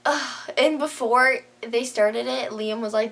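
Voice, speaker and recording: A woman's voice: on the high side, measured pace, vocal fry, hardly any pauses, a bit bright. A woman vlogger chatting casually to camera, gushing and filling her talk with "like". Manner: gushing, says "like" a lot.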